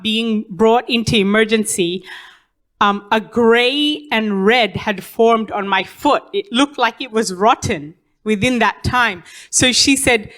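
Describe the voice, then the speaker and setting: A woman's voice: fairly high pitch, a bit bright. A young adult woman giving a personal testimony in church, telling her story with many fillers and restarts.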